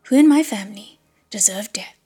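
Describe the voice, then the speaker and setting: A man's voice: high-pitched, a little slow, slightly rough, faint music behind, exaggerated voice. A woman reading aloud and voicing a cold, contemptuous young man in whispered role-play. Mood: bitter. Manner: cold, cutting.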